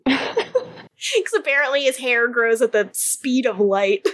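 A woman's voice: a little high, animated, takes it slowly, a bit bright, slight background noise. A woman co-hosting a podcast, casually recapping a TV episode, swearing freely and laughing often. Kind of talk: casual chat.

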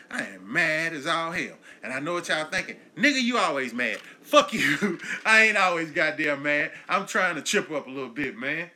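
A man in his thirties hosting his own comedy podcast, ranting profanely and swinging between low mutters and loud yelling. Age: 30s. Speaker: podcast host.

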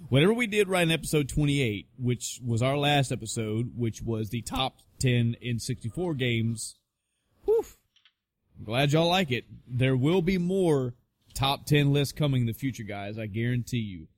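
A young man chats on a podcast, swearing freely and spinning animated stories. His voice sits mid-pitched and is recorded dry and close, with no room sound. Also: moderate pace, no echo. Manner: profane, animated storyteller, mimics others in high voices. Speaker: podcast co-host. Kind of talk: casual podcast chat.

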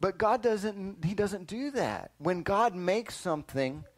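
A man teaching a lively Bible lesson to children, quizzing them and often calling "listen up" to get their attention. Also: sits high, slow pace. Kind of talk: animated Sunday school lesson.

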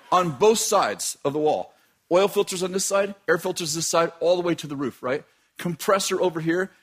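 Husky guy preaching, lively up-and-down high voice, laughs a lot. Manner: animated, laughing, shouting at climaxes. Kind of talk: sermon storytelling.

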